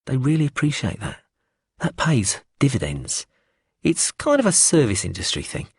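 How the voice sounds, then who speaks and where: A man's voice: medium pitch, huge pitch swings, normal speed, darkish tone, slightly rough, dry recording, studio quality, voice pushed up, full character voice. A man voicing a cocky, foul-mouthed male hustler in an audiobook, talking in a boastful, swaggering way. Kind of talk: audiobook character reading.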